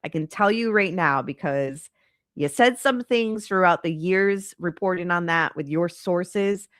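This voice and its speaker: A woman's voice: fairly low pitch, unhurried, no room sound, studio quality. A congested woman hosting a true crime channel, talking in a chatty, rambling, exasperated way. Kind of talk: casual commentary on a live stream.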